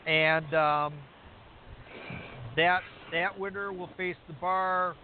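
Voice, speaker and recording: A man's voice: high voice, fairly even intonation, takes it slowly. A man co-hosting a wrestling talk show, chatting casually and rambling with many restarts and fillers. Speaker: podcast co-host recapping wrestling. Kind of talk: casual chat. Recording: tinny phone line with faint hiss.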